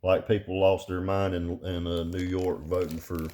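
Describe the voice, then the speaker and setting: A man talking loosely and loudly while unboxing and reviewing a car amplifier, full of cussing and jokes. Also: low-pitched, little pitch movement, normal speed, a little hiss or hum. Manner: rambling, profane, loud and jokey. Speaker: vlogger reviewing car audio gear. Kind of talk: casual unboxing chat.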